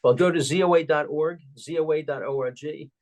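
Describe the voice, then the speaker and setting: Older man telling anecdotes with fillers. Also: fairly high pitch. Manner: anecdotal, chuckling, halting with fillers. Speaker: guest, organization president. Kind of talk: storytelling interview.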